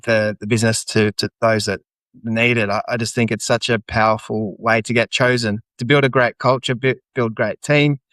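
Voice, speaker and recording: A man's voice: lowish voice, steady tone, moderate pace, a bit bright, no room sound. A man hosting a podcast interview in casual chat, speaking hesitantly with many restarts. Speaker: podcast host.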